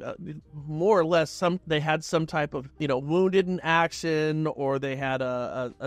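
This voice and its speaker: High-voiced man telling a story. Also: dry recording. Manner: conversational, animated retelling with quoted dialogue. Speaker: real estate show host. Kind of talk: casual storytelling monologue.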